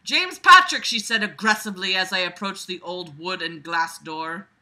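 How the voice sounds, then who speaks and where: A woman with a fairly low, bright, forceful voice reads a web story at home at a normal pace. She laughs, makes sarcastic asides, and plays with her cat throughout.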